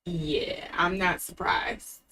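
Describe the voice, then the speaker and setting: A woman's voice: lowish voice, fairly even intonation, slow pace, sharp tone, a little hiss or hum. A young adult woman giving a casual tarot reading, thinking aloud with fillers and restarts. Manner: chatty, thinking aloud, with fillers and self-corrections. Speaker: tarot reader.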